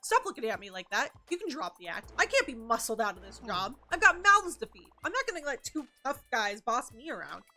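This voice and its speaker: A man's voice: very high-pitched, very animated, a little fast, few pauses, bright, forceful tone, soft background music, full character voice. A woman voicing a frazzled male dock worker who fires off defensive, indignant questions.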